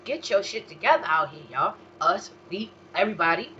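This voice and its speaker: A woman hosting a solo talk show, ranting profanely in a heated manner that jumps from low muttering to outright shouting. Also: animated, brisk, hardly any pauses, highs cut off.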